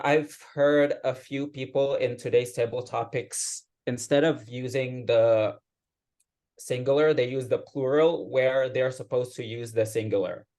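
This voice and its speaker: A man giving a patient, explanatory grammar report as club grammarian at an online meeting, speaking over a video call. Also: medium pitch. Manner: patient explaining, steady teacherly tone.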